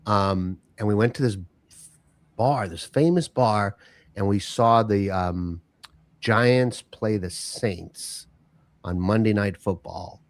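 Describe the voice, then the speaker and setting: A man hosting a podcast, chatting casually in a relaxed, conversational way. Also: fairly low pitch, slow, dry recording. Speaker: podcast host. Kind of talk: casual chat.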